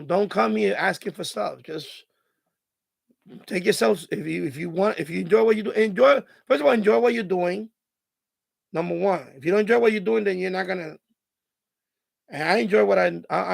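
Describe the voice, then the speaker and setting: A man hosting a live stream in casual chat, his voice raspy and hoarse from hours of talking, giving rambling advice full of "you know" and restarts. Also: sits high, no echo, studio quality.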